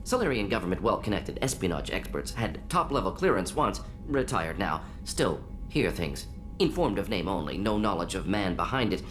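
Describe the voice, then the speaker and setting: A quick-minded alien scientist-doctor who talks in short, clipped fragments with a lively, bouncing pitch. His voice sits a little low. Game music plays clearly behind him. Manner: terse clipped fragment sentences. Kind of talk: video game voice acting.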